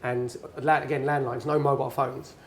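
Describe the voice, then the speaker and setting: A man's voice: mid-range voice, moderate pace, a little hiss or hum. A middle-aged man, a guest speaker at an event, telling a long anecdote and acting out what people said. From England. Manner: chatty, animated storyteller acting out quotes. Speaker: guest speaker, former footballer and pundit. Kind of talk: anecdotal storytelling on stage. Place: bar at a networking event.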